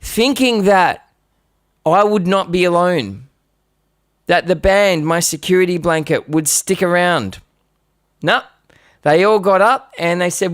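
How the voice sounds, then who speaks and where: A man's voice: sits high, a little slow, smooth, no echo. A man live-streaming from his studio, telling a story casually and animatedly, with many restarts and the odd swear. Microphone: live-stream microphone.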